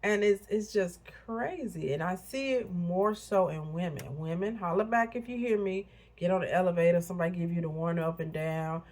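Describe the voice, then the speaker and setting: A woman's voice: lowish voice, moderate pace, hardly any pauses, a little mellow. A woman in her fifties from Illinois giving a candid, blunt motivational vlog talk with chatty asides to her viewers. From Illinois, USA. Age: 50s. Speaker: vlogger. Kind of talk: casual motivational monologue.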